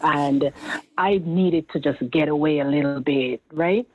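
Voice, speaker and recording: A woman's voice: deep voice, unhurried. A woman from Jamaica in her thirties, telling family stories in a casual interview, livening up when she quotes her relatives. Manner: storytelling, animated when quoting family. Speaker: guest. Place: home in rural Japan. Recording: tinny phone-like line.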